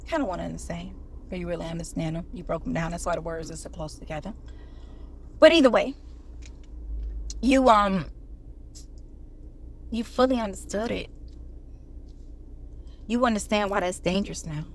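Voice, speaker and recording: A woman delivers a casual motivational talk straight to her viewers. She speaks in a preachy, conversational way, quoting scripture and calling her audience "y'all." Her pitch sits in an ordinary middle range. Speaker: online commentator.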